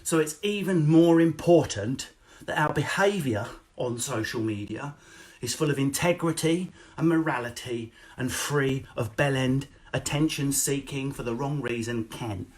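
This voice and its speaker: A man doing a live stand-up set streamed online, ranting loudly and swearing, then dropping to mutters. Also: mid-range voice. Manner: loud, sweary, rapid comic rant with sudden drops to mutters. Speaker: stand-up comedian. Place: at home, no audience.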